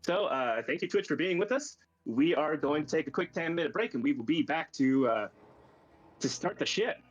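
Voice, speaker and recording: A man's voice: fairly high pitch, expressive, dull audio, soft background music. A man narrating as game master of a streamed tabletop game, stopping often with fillers and restarts. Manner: halting, many fillers and restarts.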